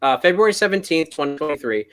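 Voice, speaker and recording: A man's voice: on the high side, lively intonation, fast talker. A man co-hosting a casual podcast over a call, hesitant and restarting his sentences often. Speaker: podcast co-host.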